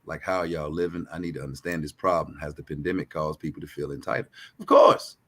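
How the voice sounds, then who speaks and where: A man's voice: extremely low pitch, fairly even intonation, quick pace, fairly bright tone. Man ranting on a podcast. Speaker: podcast co-host. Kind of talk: casual chat.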